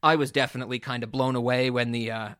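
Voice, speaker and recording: A man co-hosting a casual podcast who retells a story in a rambling, animated way, with frequent cursing and many restarts. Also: mid-range voice, fast talker. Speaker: podcast co-host.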